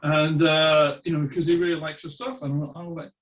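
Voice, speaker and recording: A man's voice: a little high, steady tone, a little fast, far from the mic, rough recording. Middle-aged irish guy, mid-atlantic accent, rambling stories, sounds a bit off-mic. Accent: mid-Atlantic with Irish traces. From Ireland. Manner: chatty anecdotal storyteller. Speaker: musician guest. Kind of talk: casual interview storytelling.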